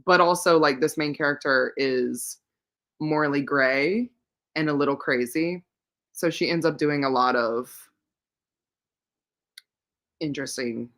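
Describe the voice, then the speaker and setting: A woman's voice: sits low, bright, forceful tone. A woman hosting a casual livestream, rambling and thinking aloud with lots of fillers as she answers viewers. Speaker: livestream host reading viewer comments.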